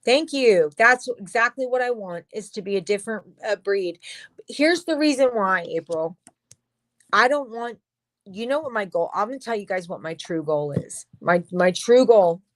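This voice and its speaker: A woman's voice: mid-range voice, expressive, moderate pace, no room sound. Tarot reader, young adult woman, emphatic and profane, dry deadened room. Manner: emphatic, swears freely, talks straight to viewers. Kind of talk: livestream tarot reading.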